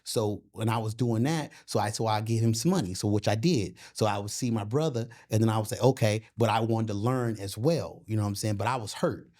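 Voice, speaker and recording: In a lowish voice, briskly and with hardly any pauses, a middle-aged man who coaches boxing and MMA swears and gets animated while telling stories in a relaxed interview. "You know what I'm saying" comes up again and again.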